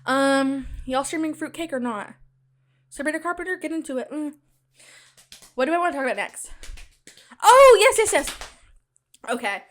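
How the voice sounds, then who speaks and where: High-voiced, chatty young woman. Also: brisk, long pauses. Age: young adult. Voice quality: loud cackling laugh. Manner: chatty, animated, talks straight to listeners. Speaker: podcast host. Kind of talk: casual solo podcast chat.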